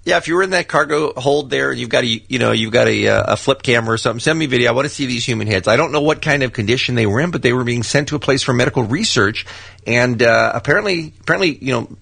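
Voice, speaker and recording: A man's voice: medium pitch, quick pace, vocal fry, a bit bright, slightly rough, no echo. A man co-hosting a morning radio show, telling a story in a chatty way, often laughing and restarting his sentences.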